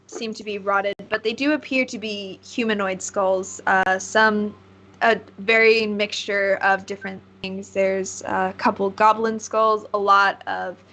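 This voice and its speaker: A woman's voice: mid-range voice, steady tone, a little slow, sharp tone. Woman game master, rambling descriptive narration, lots of fillers. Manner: rambling, searching for words.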